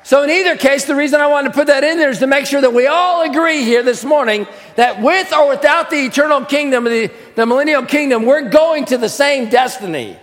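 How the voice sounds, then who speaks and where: A man's voice: very high voice, a little fast, hardly any pauses, a bit bright. A man preaching a Sunday sermon, teaching in a conversational way with rhetorical questions and raising his voice for emphasis. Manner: emphatic, raises voice for stress. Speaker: pastor. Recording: long hall reverb.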